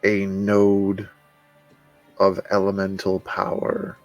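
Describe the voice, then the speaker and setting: A man narrating as game master of a tabletop game, slow and halting as he describes the scene. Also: low-pitched, completely flat delivery, lo-fi sound, soft background music.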